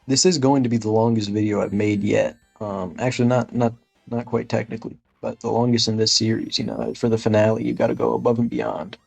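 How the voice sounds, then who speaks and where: A man doing comedic gameplay commentary in an impression of a gaming creator, rambling through absurd deadpan jokes and cursing in frustrated outbursts. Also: medium pitch, quick pace, gravelly, husky, faint music behind.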